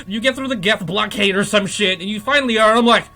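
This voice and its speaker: A man's voice: high voice, fast, hardly any pauses, bright, forceful tone, faint music behind. A man hosting a podcast, giving a comedic, profane recap of a game plot and laughing often. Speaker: podcast host.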